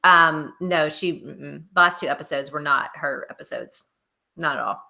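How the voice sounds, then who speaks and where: A woman in her thirties co-hosting a casual podcast chat, an animated storyteller. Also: normal speed, vocal fry. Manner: animated storyteller, acts out quotes in a high wail. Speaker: podcast co-host.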